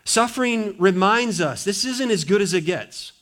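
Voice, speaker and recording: A male pastor preaching an earnest sermon, swinging between emphatic lines and quiet ones. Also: high voice, lively intonation, moderate pace.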